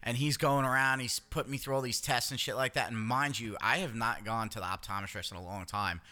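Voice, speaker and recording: Bright-voiced man telling a story. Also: mid-range voice, quick pace. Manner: swearing, animated storytelling with acted-out quotes. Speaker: podcast co-host. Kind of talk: casual chat.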